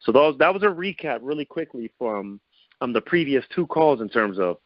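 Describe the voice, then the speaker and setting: A man hosting a confidence coaching call, speaking in an upbeat way, asking his listeners many rhetorical questions and swinging his pitch up and down as he talks. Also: moderate pace, no room sound. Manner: lively pitch swings to show vocal variety. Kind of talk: motivational teleconference talk. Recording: dull lo-fi phone-call audio, dry.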